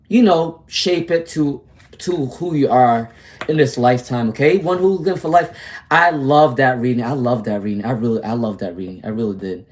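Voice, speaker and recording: A man's voice: mid-range voice, a little mellow. Chatty, candid male tarot livestreamer. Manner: casual, chatty, addresses viewers by name; slangy, candid, speaks in repeated phrases. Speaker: tarot reader.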